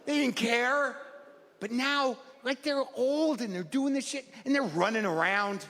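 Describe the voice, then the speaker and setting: Speaking in a very high-pitched voice at a slightly slow pace, a man does stand-up on a live stage, stammering his way through a wandering story that pokes fun at himself. Background noise carries through the reverberant hall where the audience sits.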